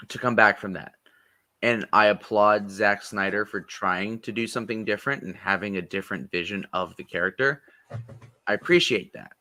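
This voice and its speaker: A young man co-hosting a podcast in casual, jokey chat, animated and swearing freely. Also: on the low side. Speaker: podcast co-host.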